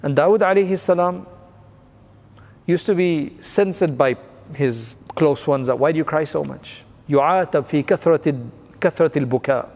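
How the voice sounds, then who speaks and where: Man, slightly high pitch, teaching a religious class, explanatory, reverberant hall. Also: normal speed, a little mellow. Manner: explains narrations plainly, with Arabic phrases.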